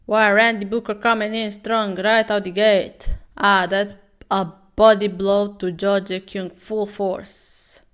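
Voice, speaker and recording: A male fight announcer builds up a match in mock sports commentary, read out by a woman. He sounds hyped and theatrical, with a loud, rising delivery. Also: medium pitch, flat delivery, slow pace, clear, resonant tone.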